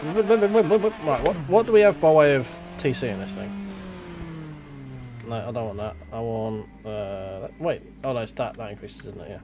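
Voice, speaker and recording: A man provides live commentary on his racing-sim gameplay, talking to himself, rambling, and tossing in casual swears. He speaks at a moderate pace in a mid-range voice, with background noise present.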